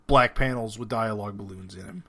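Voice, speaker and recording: A man's voice: on the low side, brisk, pushed and bright. A man co-hosting a casual podcast, mostly giving brief replies with the occasional wry aside. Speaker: podcast co-host. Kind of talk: casual chat about comics.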